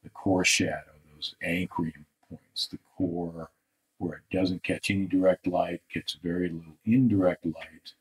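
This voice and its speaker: A man with a very low voice talks slowly through an art critique. He pauses often and lets some phrases trail off into quiet mutters as he works. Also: fairly even intonation, low-quality recording. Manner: thoughtful, halting, trails off into soft mutters. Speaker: art instructor. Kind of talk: live drawing critique.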